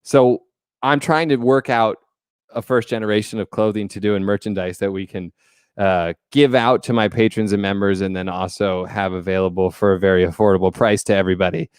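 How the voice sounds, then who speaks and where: A man's voice: lowish voice, fairly even intonation, brisk, smooth, dry recording, clean studio sound. A man hosting a casual livestream, chatty and joking as he greets viewers by name. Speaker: livestream host.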